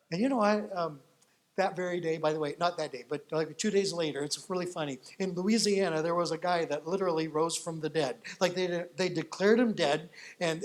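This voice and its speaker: A man preaching a sermon as a pastor, telling stories with animated voices and rising to loud, excited peaks. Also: fairly high pitch.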